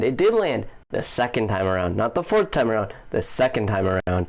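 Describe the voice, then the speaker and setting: Brief: male commentary host, average pitch, goofy and chuckling, casual and profane. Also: animated, normal speed, few pauses.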